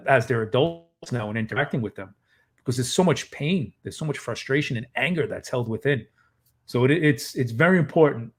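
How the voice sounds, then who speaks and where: Reflective man, mid-pitched voice. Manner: earnest, reflective, repeats words. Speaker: podcast co-host. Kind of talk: casual chat.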